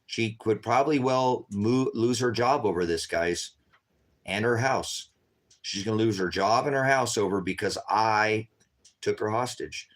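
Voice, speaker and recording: A man livestreaming to his viewers, talking urgently and repetitively, tired from staying up all night. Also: fairly low pitch. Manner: urgent and repetitive, constantly addressing viewers as guys. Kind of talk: unscripted livestream talk to viewers.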